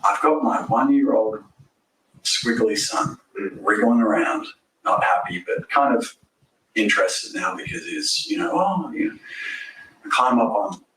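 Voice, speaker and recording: A man's voice: lowish voice, measured pace. Rambling man in an echoey interview room. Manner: rambling, acts out others' lines. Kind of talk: recounting events in a police interview. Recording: echoey room, distant mic, faint hiss.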